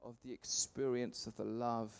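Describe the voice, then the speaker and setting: A man, preaching a sermon to a congregation, punching words loudly then letting phrase ends fall soft. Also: mid-range voice, moderate pace, gravelly. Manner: lively, swings from loud emphasis to soft trailing phrase ends. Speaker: pastor. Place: church service before a congregation.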